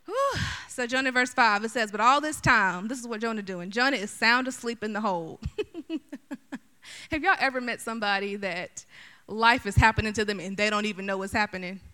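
A middle-aged woman preacher giving a sermon, animated and chatty, talking straight to her listeners. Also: mid-range voice, moderate pace. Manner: animated, chatty, addresses the audience directly.

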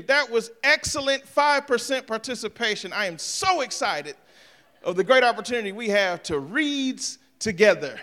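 A pastor delivers a sermon in a high, bright voice. He talks directly to his congregation and jokes with them. His delivery swings from quiet, offhand asides to shouted passages. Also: animated, normal speed.

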